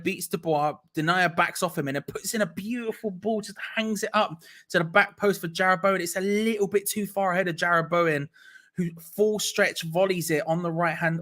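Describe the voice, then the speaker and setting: Excitable young fan commentating live. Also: male voice, high voice. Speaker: watch-along host. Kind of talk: live match watch-along commentary.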